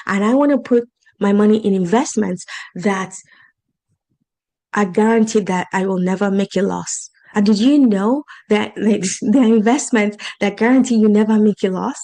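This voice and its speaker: Here a woman with a non-native English accent, a life and financial coach, chats encouragingly about her program and circles back to key points to stress them. She speaks at a normal speed in a warm, mid-range voice over a rough recording.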